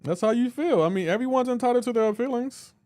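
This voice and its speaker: A man's voice: very high-pitched, fast talker, darkish tone, dry recording, studio quality. A man on a live reaction stream, teasing and bantering with his chat and laughing often. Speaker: livestreamer.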